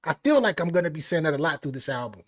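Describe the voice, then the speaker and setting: A man hosting a live album reaction stream, talking excitedly and repeating phrases. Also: on the high side, very fast. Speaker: music reaction host.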